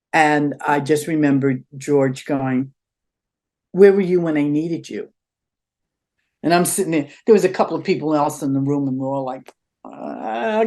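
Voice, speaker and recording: An older woman, an interview guest, telling stories in a conversational way and acting out what people said. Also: low voice. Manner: animated storyteller acting out quotes.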